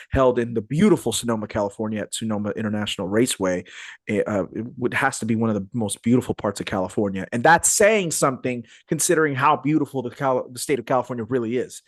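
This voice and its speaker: A man hosting a podcast in casual, animated chat, full of fillers and restarts, over a video call. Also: mid-range voice, dry recording. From Phoenix, Arizona area. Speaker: podcast host. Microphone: video call podcast mic.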